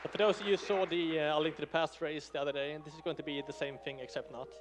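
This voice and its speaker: A man's voice: on the high side, steady tone, fast talker, over music, a crowd in the background. A man commentating a speedrun live, casually explaining technical gameplay tricks.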